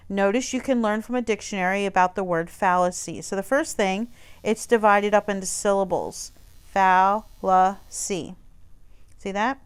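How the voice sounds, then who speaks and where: A woman teacher talking students through a textbook page in a relaxed, conversational way, with fillers. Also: mid-range voice, clear, resonant tone. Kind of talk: recorded online lesson walking through a textbook page.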